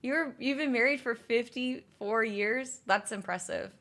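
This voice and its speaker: A fairly high, somewhat bright voice comes from a young woman streaming, talking a little slowly. She casually answers her viewers' messages, meandering with frequent fillers and restarted sentences.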